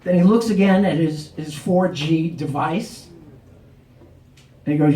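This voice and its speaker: A man's voice: fairly high pitch, a little slow. Middle aged new guy telling a story on stage, acts out the cops, roomy sound, mic a bit far off. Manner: animated, acts out the cops' lines. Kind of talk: live personal storytelling. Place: live storytelling event.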